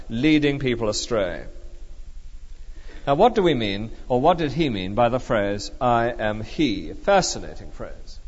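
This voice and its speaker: Man preaching, lively up-and-down delivery, emphatic and measured, long church echo, muffled old recording. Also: mid-range voice. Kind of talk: sermon.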